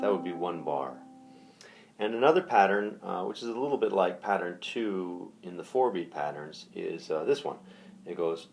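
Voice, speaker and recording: A man teaching ukulele patterns in a relaxed, hesitant way, counting the beats aloud. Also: low voice, moderate pace, gravelly. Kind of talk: casual music lesson. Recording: ukulele music under the voice. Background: ukulele playing.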